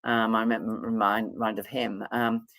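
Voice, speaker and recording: A woman's voice: extremely low pitch, level tone, a little fast, fairly bright tone, dry recording. A middle-aged woman, a psychic and counselor, talking in a rambling, casual vlog chat full of fillers and restarts.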